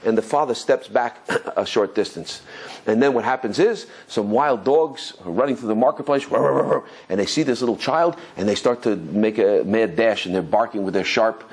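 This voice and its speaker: A rabbi giving an animated Torah class, telling stories excitedly with stumbling repetitions and chuckles. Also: male voice, on the low side, moderate pace, slightly rough. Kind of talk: animated Torah lesson with storytelling.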